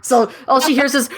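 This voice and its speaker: A woman's voice: fairly high pitch, noisy background. A woman narrating as game master of a tabletop game, laughing often.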